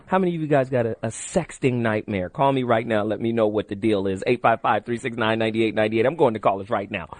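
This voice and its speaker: A man's voice: on the low side, fast, hardly any pauses, no room sound. Brash male radio talk host. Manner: brash, storytelling, repeats the call-in number. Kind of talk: late-night radio call-in talk. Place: radio studio. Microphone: studio microphone.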